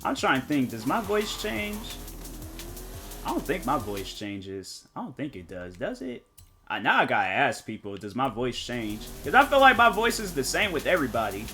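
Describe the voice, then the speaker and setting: A man's voice: medium pitch, wildly swooping pitch, normal speed, bright, forceful tone, faint music behind. A man streaming a game, chatting casually with viewers and rambling as he thinks aloud, often restarting his sentences. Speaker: gaming streamer.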